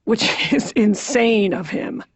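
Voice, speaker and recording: An actress playing a high-strung, weepy woman in therapy who rants rapidly and indignantly. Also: slightly rough, dry recording. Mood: ranting. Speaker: therapy patient. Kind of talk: comic monologue in a therapy session. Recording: dry, dull lo-fi audio.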